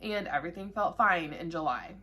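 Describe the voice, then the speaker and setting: Speaking to camera, a vlogger in her thirties shares her own cancer story in a candid, conversational way, often with emotion. Her voice is fairly low, brisk and sharp in tone.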